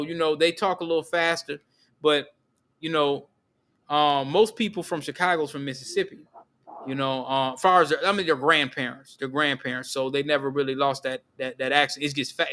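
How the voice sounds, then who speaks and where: A man's voice: fairly high pitch, moderate pace, bright, forceful tone. A man hosting a podcast, easygoing and slangy, asking curious questions. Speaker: podcast host. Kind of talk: casual chat.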